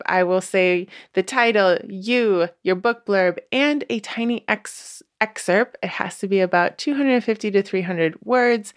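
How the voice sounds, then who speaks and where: An enthusiastic woman hosts a podcast in a chatty, friendly flow. Her voice sits in a middle pitch and moves along at an easy conversational pace. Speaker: podcast host. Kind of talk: podcast interview and promo reading.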